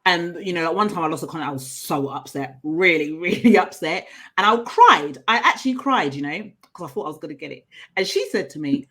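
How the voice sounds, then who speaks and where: A middle-aged woman, a coach and trainer, telling personal stories in an interview in an earnest, animated way. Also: lowish voice, brisk. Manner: earnest, animated storytelling with laughs.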